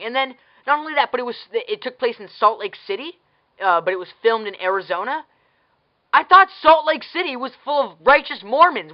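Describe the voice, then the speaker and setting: A woman's voice: fairly high pitch, muffled recording. A woman giving a casual ranting movie review as a vlogger, blunt and sarcastic, swearing freely and firing off exasperated questions.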